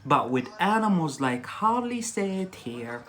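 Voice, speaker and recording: A man's voice: sits high, big pitch swings, slow pace, a bit bright. A man teaching a live online English vocabulary lesson, explaining step by step with many fillers and restarts and checking understanding with "yeah?".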